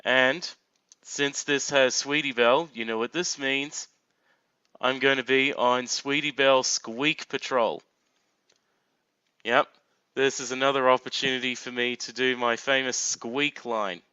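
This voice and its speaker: A man riffs through a blind reaction to a cartoon, casual and laughing often, with crude jokes. His voice is bright and smooth, and the dry, dull recording sounds lo-fi. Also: mid-range voice, fairly even intonation, a little slow, no room sound. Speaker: reaction commentator.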